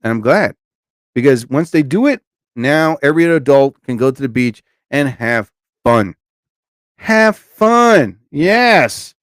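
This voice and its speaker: A man's voice: medium pitch, expressive, moderate pace, no echo. A man in his forties hosting a live stream, ranting in a blunt, emphatic way and stopping to greet viewers in the chat.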